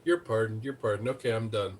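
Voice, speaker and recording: A man doing an impression of a gruff older male politician, handing out pardons in a flat, dismissive way. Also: fairly low pitch, fast, a little hiss or hum, voice pushed down, natural voice.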